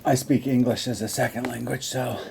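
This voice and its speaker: A man's voice: medium pitch, little pitch movement, a little fast, creaky, noisy background. An American man chatting casually while gaming, making self-deprecating jokes. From United States. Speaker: mobile game player.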